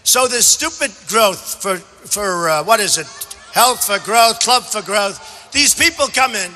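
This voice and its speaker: A man's voice: high voice, animated, a little slow, bright, forceful tone, soft background music. A man giving a campaign rally speech, combative and repetitive, talking straight to the crowd. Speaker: political candidate. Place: large rally venues.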